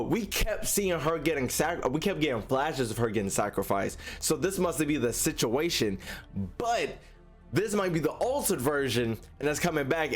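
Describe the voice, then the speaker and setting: A man giving casual gameplay commentary as a gaming YouTuber, reacting excitably with jokes and slang. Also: a little high.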